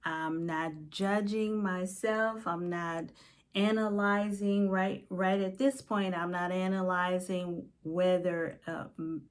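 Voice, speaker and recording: A middle-aged woman coach speaks slowly and gently in a lowish voice, sharing her faith and journal prayers. Her tone is confiding and tender, now and then sinking almost to a whisper. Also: little pitch movement. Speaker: life coach. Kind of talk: personal faith reflection, reading from her journal.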